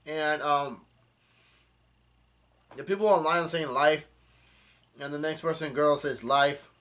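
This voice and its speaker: A man casually recapping a comic chapter, reading quoted lines aloud in a halting, hesitant way. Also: on the high side, fairly bright tone. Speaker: manga chapter reviewer.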